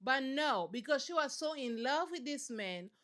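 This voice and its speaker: A woman hosting a commentary vlog, telling the story in a sassy, animated, colloquial way. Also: high voice, normal speed. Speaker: commentary channel host.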